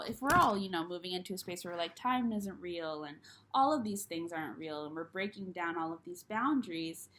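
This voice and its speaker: A young woman talks to her camera in a loose, rambling way, circling back and restarting her sentences. She laughs at herself often and keeps it candid. Her pitch sits in an ordinary middle range. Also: a bit bright, a little hiss or hum. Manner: candid, loose and self-mocking. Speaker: spiritual YouTuber. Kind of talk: casual solo vlog chat.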